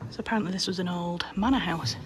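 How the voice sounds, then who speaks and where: A woman with a Yorkshire accent, chatting enthusiastically to her handheld camera on a day trip and dropping to a hush indoors. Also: fairly low pitch, quick pace, noisy background. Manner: chatty and enthusiastic, hushed in the museum. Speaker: vlogger. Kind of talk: casual chat to camera. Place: historic house and grounds on a day trip.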